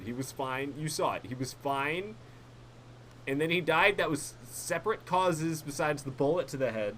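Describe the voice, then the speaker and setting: A man's voice: mid-range voice, expressive, moderate pace, a bit bright, a little hiss or hum, low-quality recording. A man casually commentating a game he plays, joking and bantering at the characters with a giggly manner. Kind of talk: casual live gameplay commentary.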